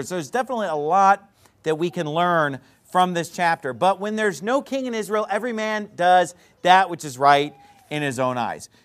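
A man with a high voice delivers a sermon to his congregation. He preaches through lively stories, turning loud for emphasis and dropping into soft asides. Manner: emphatic storytelling, swinging from loud outbursts to quiet asides.

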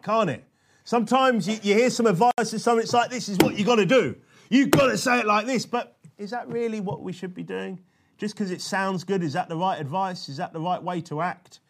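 A high-pitched male preacher delivers his sermon conversationally, frequently checking in with tag questions like "okay?" He slows down to stress quoted scripture.

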